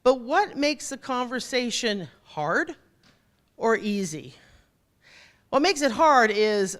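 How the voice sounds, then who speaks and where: A woman delivers a motivational keynote and talks directly to her listeners. Her pitch swings widely, rising and dropping as she drives each point home. She is playful and jokey along the way. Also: takes it slowly, long pauses. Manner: animated, jokey, addresses audience directly. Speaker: keynote speaker.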